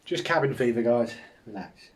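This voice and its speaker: A man's voice: mid-range voice, animated, moderate pace, slight background noise. A man hosting a live show and answering viewer questions in casual chat, sarcastic and ranting, with plenty of swearing.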